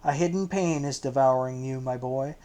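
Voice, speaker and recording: A man reading an audiobook, voicing a gentle, troubled older rabbi who speaks in a tender, coaxing way. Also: medium pitch, moderate pace, close to an everyday voice.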